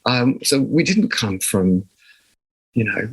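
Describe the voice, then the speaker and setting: An older man with a southern English accent, speaking as a guest in an interview. He tells his stories in a reflective, conversational way and often restarts his sentences. His voice sits at an ordinary pitch. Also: expressive, takes it slowly, vocal fry, husky. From southern England. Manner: reflective, storytelling with frequent restarts. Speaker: guest musician.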